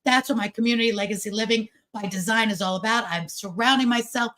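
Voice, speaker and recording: A woman giving a chatty, animated motivational talk over a video call, acting out the voices of people she quotes. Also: fairly high pitch, fast. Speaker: guest speaker at a business event.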